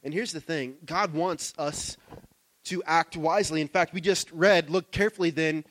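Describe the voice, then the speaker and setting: A man in his thirties, a pastor, preaching a sermon in a church, conversational and personal, dropping to soft asides and rising to loud emphatic stretches. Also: on the high side, unhurried, dry recording.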